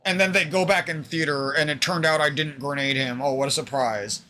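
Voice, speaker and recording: A man's voice: on the high side, brisk, bright, forceful tone. A young man streaming, venting in a rambling, aggrieved monologue full of swearing.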